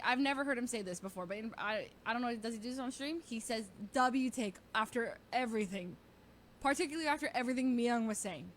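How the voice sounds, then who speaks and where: A young woman chatting on stream, spinning an anecdote with plenty of giggles. She slips into lively voices to quote the people in her story. A faint room ambience hums underneath. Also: on the high side, a little hiss or hum. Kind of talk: casual storytelling chat.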